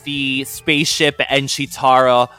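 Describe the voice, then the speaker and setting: A man co-hosting a podcast, recapping a cartoon episode in casual, animated chat. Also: medium pitch, unhurried, clean tone, faint music behind. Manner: animated, exclaiming.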